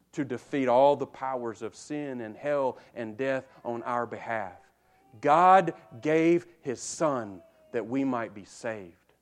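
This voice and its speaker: With a medium-pitched voice, a man gives an emphatic sermon aimed directly at the congregation. His volume swings from a hush up to loud, and he repeats words while developing his point.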